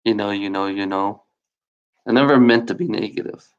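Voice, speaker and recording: A man's voice: lowish voice, normal speed, smooth, lo-fi sound. A man venting angrily in a rambling, profane video rant, repeating himself often and saying he has been lied to. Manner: angry, feels lied to. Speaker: YouTuber.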